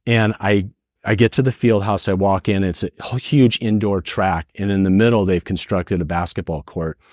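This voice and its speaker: A middle-aged man from San Francisco, a podcast guest, telling a personal story in an earnest, animated way. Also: deep voice, normal speed, dry recording. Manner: earnest, animated retelling with acted quotes. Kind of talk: emotional storytelling. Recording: dull lo-fi dry podcast audio.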